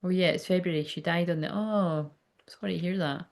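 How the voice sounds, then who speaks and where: A chatty woman with a gravelly, creaky edge to her voice, talking in a loose, rambling way. She works as a medium giving a live reading, laughs easily and swears without a second thought. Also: on the low side, a little fast, darkish tone. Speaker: psychic medium. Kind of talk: casual live reading chat.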